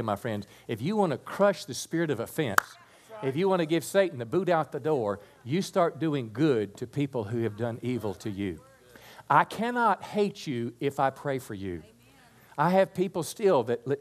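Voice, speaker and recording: A pastor preaching a sermon to a congregation, lively and humorous, then softening into quiet prayer. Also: male voice, mid-range voice. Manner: animated preaching, dropping to soft prayer.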